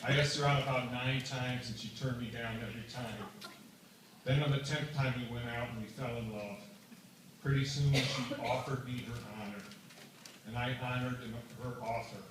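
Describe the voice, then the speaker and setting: A man's voice: medium pitch, normal speed, background noise. Older man telling jokes in an echoey hall. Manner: deadpan storytelling with punchlines. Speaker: comedian at a variety show. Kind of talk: stand-up joke telling. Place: community hall stage. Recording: echoey hall mic from far off with audience. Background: audience laughter.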